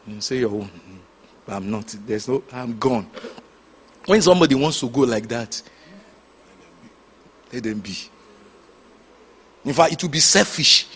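A man preaching a sermon, telling stories with sudden shouts and hushed asides. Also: medium pitch, animated, a little slow, long pauses, breathy edge. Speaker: pastor.

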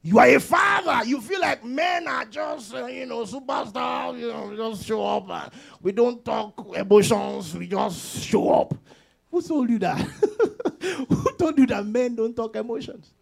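A male pastor delivering a lively sermon, voice pitched high for a man. He swings up and down in pitch constantly, breaks into laughter often and acts out little dialogues. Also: measured pace, vocal fry, shouting.

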